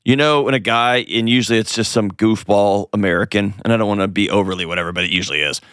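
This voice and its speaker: A man's voice: on the low side, fast, fairly bright tone, smooth, no room sound, clean studio sound. A man hosting an advice call-in show, talking in a direct, coaching way with playful asides. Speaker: host.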